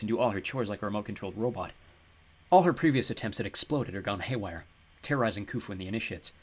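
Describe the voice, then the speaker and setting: A man giving wry, expressive first-person audiobook narration. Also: fairly low pitch.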